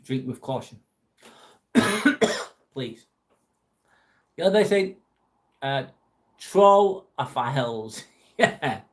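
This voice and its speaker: A man's voice: mid-range voice, big pitch swings, drawn-out words, long pauses. A man hosting a casual livestream, chatting bluntly with viewers and swearing freely. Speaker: livestream host reading viewer chat. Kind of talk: casual live chat.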